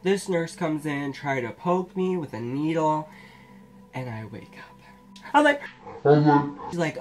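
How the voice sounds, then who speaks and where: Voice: medium pitch, very animated, a little slow, long pauses. Blunt, sarcastic vlogger telling a story. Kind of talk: casual storytelling to camera.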